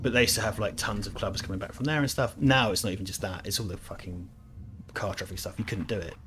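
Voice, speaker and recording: A man's voice: lowish voice, quick pace, fairly bright tone, slight background noise. A man in his thirties hosting a let's play, chatting casually and rambling, swearing and laughing as he plays. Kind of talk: casual gameplay chat.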